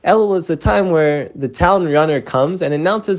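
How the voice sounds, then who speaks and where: A man's voice: a little high, a little fast, few pauses, lo-fi sound. A man telling a parable in a casual, conversational way, often adding "you know", recorded as a phone voice message. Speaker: storyteller sharing a parable. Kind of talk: casual spoken storytelling.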